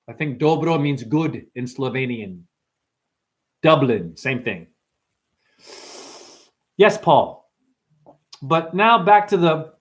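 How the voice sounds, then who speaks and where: A man hosting a rambling livestream, talking brashly to his chat. He swears, calls viewers "honey" and "dumbass", and jumps between topics in quick asides. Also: on the high side, animated. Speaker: livestream host.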